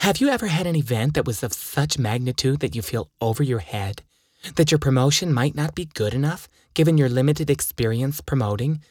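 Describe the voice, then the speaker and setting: A man voicing a pushy woman telemarketer reading a scripted sales pitch. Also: animated, a little fast, darkish tone, no room sound, studio quality, close to an everyday voice. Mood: salesy.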